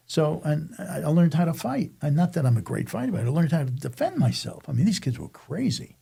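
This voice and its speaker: With a fairly high, warm, slightly rough and gravelly voice, this older Staten Island man talks animatedly and fairly quickly, with few pauses. On a podcast he tells a meandering childhood story in casual conversation, often cutting himself off and beginning again.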